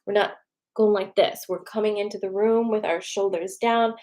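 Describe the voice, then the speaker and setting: A woman's voice: medium pitch, fairly even intonation, normal speed, a little mellow. A woman hosting a casual card reading, chatty and encouraging, often checking in with okay and right. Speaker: tarot card reader and host.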